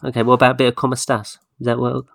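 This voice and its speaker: A man's voice: mid-range voice, completely flat delivery, very fast, creaky, fairly bright tone, no room sound, clean studio sound. A man hosting a football podcast in a jokey, playful casual chat. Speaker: podcast host.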